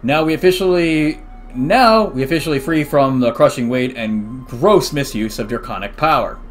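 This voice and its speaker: A man voicing a solemn male newscaster who reads a headline slowly and formally. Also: medium pitch, faint music behind, lightly acted. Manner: slow, deliberate, formal.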